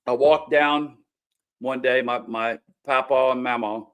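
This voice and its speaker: A man's voice: mid-range voice, steady tone, measured pace, fairly bright tone, smooth. A middle-aged man with a Kentucky accent, hosting a show and telling folksy stories in earnest, plain-spoken campaign talk. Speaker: host and candidate for local office. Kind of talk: casual campaign talk to camera.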